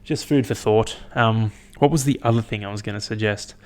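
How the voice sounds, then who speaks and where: A young man hosting his own podcast, chatting in a rambling, profane, animated way as he tells stories. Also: fairly low pitch, a little fast. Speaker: podcast host. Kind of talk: casual solo podcast chat.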